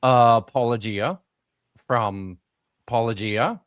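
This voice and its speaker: A man's voice: mid-range voice, takes it slowly, fairly bright tone, no room sound, clean studio sound. A man hosting a casual live-stream chat, joking and rambling with restarts. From Canada. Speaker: host.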